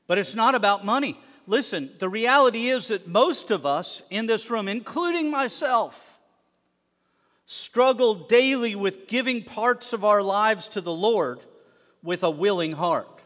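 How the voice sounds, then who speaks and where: A man preaching a sermon to his congregation, animated, swinging between loud emphasis and hushed asides. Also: high voice, a little slow. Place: synagogue sanctuary. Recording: long reverb of a worship hall.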